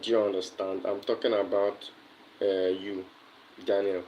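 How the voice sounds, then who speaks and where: Nigerian guy on a livestream, slow and lowish, chatting to viewers, faint hum behind. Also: flat delivery, dull audio. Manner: answers viewers' comments directly, many fillers and repetitions. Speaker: livestream host. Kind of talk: casual livestream chat.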